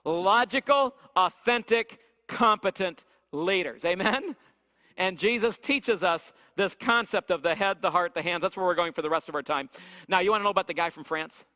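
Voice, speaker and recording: Guy running a church leadership class, lively storyteller, keeps quizzing the room, sharp bright tone. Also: sits high, normal speed. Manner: energetic, storytelling, asks audience questions. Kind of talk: church leadership seminar teaching. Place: church hall. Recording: echoey hall with long reverb.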